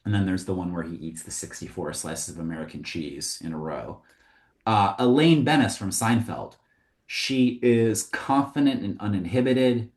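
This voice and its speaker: Low-voiced man teaching in an echoey room. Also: moderate pace, a little mellow. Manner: conversational, with frequent ums and likes. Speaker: comedy writing instructor. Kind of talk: casual teaching talk. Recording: roomy echo.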